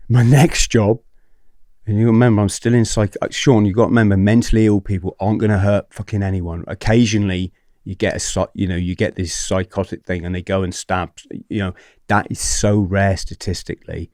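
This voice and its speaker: A man's voice: on the low side, darkish tone, dry recording, clean studio sound. A man guest on a podcast, telling his story candidly and animatedly, with swearing and frequent checks with the host.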